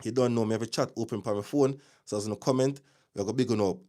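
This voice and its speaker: A man with a Jamaican accent hosting a casual live news stream, chatty and opinionated, greeting viewers with shout-outs as he talks through the day's news. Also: on the low side, fast talker. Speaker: livestream news host.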